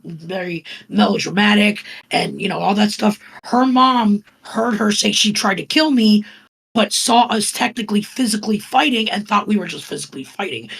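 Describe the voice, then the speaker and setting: Gravelly, husky woman telling a story calmly. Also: medium pitch, poor audio. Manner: calm, even telling with many fillers. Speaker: podcast guest. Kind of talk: casual storytelling.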